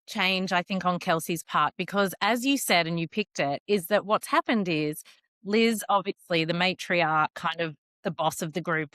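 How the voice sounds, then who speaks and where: A woman with an Australian accent, co-hosting a podcast in animated, casual chat. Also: lowish voice, no echo, studio quality. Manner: animated, chatty, quick to laugh. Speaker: podcast co-host.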